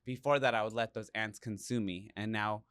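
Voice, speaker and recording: A man's voice: fairly low pitch, fairly even intonation, brisk, a bit bright, clean tone, dry recording. A man co-hosting a podcast, effusive and enthusiastic in casual chat. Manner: effusive, enthusiastic, lots of affirming interjections. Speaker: podcast co-host.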